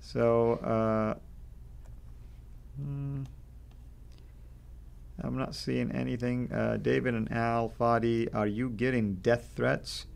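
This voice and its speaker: A man co-hosting a live stream, reading out viewer questions and giving his views in a halting, casual way. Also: medium pitch, flat delivery, creaky, a little mellow. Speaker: co-host.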